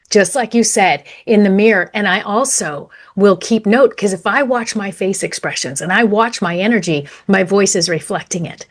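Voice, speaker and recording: A woman co-hosting a podcast who works as a media coach, building on her co-host's advice in easy conversation. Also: mid-range voice.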